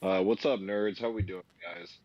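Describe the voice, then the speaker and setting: A man calling in as a guest for casual chat, laid-back and slangy, with plenty of halting fillers and his mouth full of food. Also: sits low, fairly even intonation, a little mellow, no echo. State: talking while eating. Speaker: call-in guest.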